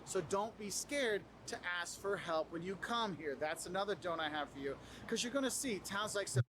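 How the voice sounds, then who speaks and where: High-voiced man giving animated travel tips. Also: normal speed. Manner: animated, acts out quoted people. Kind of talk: casual advice to camera.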